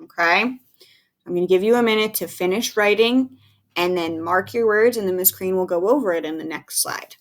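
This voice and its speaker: A woman's voice: mid-range voice, moderate pace. A woman teacher giving a recorded phonics lesson to young children, patient and encouraging, spelling words out letter by letter.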